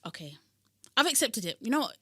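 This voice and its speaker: A young woman from London, co-hosting a casual podcast chat, animated and laughing often with sudden indignant bursts. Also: fairly high pitch, a little fast, noisy background. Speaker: podcast co-host.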